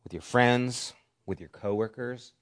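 A middle-aged man preaching a sermon as pastor, who swings between loud, emphatic lines and soft whispers. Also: medium pitch, unhurried. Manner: varies volume, dropping to soft whispers for emphasis.

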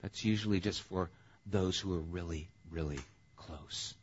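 A male pastor preaching a sermon in a conversational, animated way. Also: low voice, a little slow, breathy edge, lo-fi sound.

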